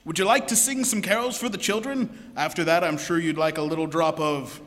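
A man's voice: on the high side, fairly quick, a bit bright, natural voice. A man playing a bluff, bewildered doctor companion. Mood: hearty. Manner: hearty, flustered exclamations. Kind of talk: 1940s radio acting. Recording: reverberant old radio broadcast.

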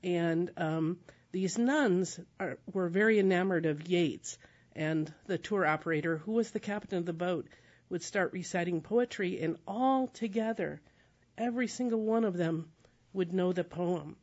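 An American woman telling a travel story in a casual, animated way, often laughing as she talks. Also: on the low side, a little slow. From United States. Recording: dull lo-fi recording.

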